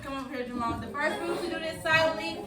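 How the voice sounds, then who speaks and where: A woman's voice: sits high, fast, a crowd in the background. A woman teaching a class of children, with a firm, commanding way of talking, leading call-and-response chants. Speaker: elementary school math teacher. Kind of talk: classroom instruction. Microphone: distant camera mic. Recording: echoey classroom, far from mic, noisy.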